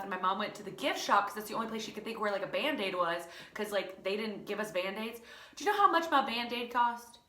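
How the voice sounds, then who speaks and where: A woman teacher telling a personal story in a casual, animated way, full of fillers and laughter. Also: mid-range voice, echoey room. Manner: animated, lots of fillers, laughing through the tale. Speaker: teacher and channel host.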